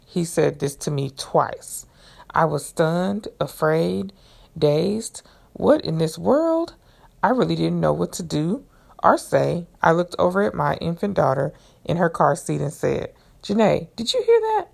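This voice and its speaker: A woman podcast host reading a devotional book aloud in an earnest, measured way, then adding her own comments. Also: sits low, animated, gravelly, a little mellow.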